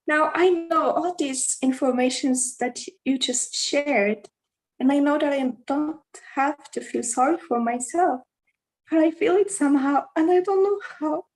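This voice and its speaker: A woman's voice: high-pitched, a little slow. A woman taking part in a live healing session over a video call, asking questions in a hesitant way. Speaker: participant.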